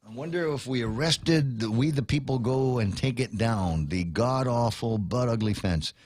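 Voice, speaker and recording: A man hosting a talk radio show, ranting in an animated, conversational way. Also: mid-range voice, moderate pace, slight background noise.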